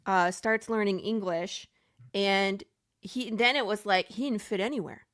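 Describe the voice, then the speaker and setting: A woman hosting a live chat show, bubbly and quick to laugh, reading viewer comments as she goes. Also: mid-range voice, fairly even intonation, a bit bright. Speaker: host. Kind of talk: casual live-stream chat.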